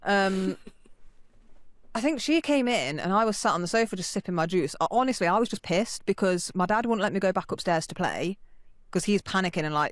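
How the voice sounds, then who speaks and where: Brief: woman, podcast co-host, lively storytelling, close dry mic. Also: mid-range voice, brisk, no echo. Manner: animated, swears freely, acts out quoted voices. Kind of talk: casual storytelling chat.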